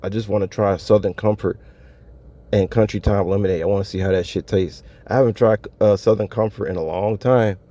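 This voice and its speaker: Speaking a little fast with fairly even intonation, a vlogger with a mellow, fairly low voice delivers a solo monologue to viewers. He keeps it laid-back and slangy, laughing often, over dull lo-fi audio.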